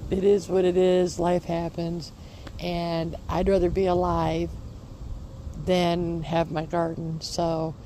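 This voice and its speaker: Recorded outside in a garden, this woman's vlog chat is rambling and full of repeated reassurances. She's a homesteading vlogger whose voice is fairly low-pitched and dark, with a slight hiss or hum in the background.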